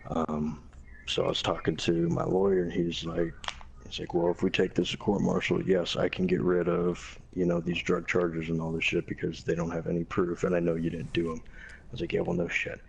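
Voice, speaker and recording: A man's voice: low-pitched, monotone, moderate pace, creaky, muffled recording, slight background noise. A young man, a former Marine, casually telling a profane, blunt story and quoting people along the way.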